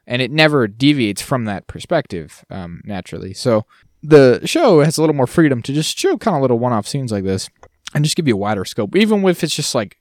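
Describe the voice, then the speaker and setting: Animated, lively male podcast co-host. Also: medium pitch, a little fast, hardly any pauses, no room sound, clean studio sound. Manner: animated, jokey, trails off and restarts. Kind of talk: casual podcast chat.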